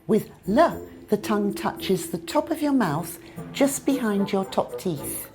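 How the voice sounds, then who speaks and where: A woman with a British accent teaching English pronunciation, modelling sounds clearly and carefully. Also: medium pitch, sing-song, unhurried, over music. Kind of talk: pronunciation lesson.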